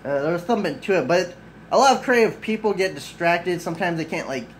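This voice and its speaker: A man with a notably high voice talks rambling and unpolished into a camera mic off to the side in his room at home. He swears casually, drifts off on tangents and pads his speech with "like" and "you know". A faint background hum sits under his voice. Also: expressive, fast, poor audio. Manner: rambling, loose and profane, full of "like" and "you know"; self-mocking and easily sidetracked. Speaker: vlogger. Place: at home at his desk, just woken up.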